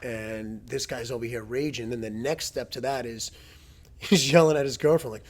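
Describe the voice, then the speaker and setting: A man hosting a casual chat as a jiu-jitsu coach, telling stories with plenty of swearing and loud impressions of people. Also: mid-range voice, steady tone, moderate pace, a crowd in the background. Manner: profane, storytelling, imitates people loudly.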